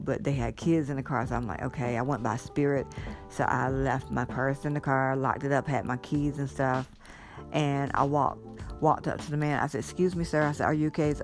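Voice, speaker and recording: A woman vlogging casually, telling a rambling story and gushing with thanks, teary with joy. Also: deep voice. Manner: effusive, grateful, rambling storytelling. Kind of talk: casual vlog monologue.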